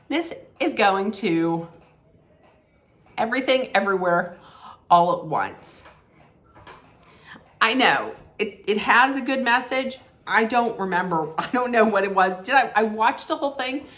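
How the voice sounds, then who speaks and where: A woman's voice: medium pitch, a bit bright. A woman vlogger handing out mock movie awards, talking casually and bluntly, often restarting and laughing. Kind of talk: casual opinionated vlog talk.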